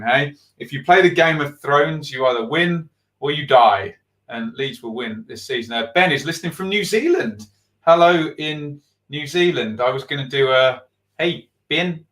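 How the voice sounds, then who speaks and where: A man's voice: mid-range voice, fairly bright tone. Chatty man hosting a football stream. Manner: chatty, reads viewer comments, many fillers. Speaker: football channel host. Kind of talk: live-stream match review and chat.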